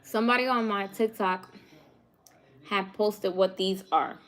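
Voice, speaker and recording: Young New York woman vlogger, relaxed and drawn-out, chatty with frequent laughs. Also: medium pitch. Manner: laughs often, chatty, drawn-out slow speech. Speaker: vegan cooking vlogger. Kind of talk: casual chat with live viewers.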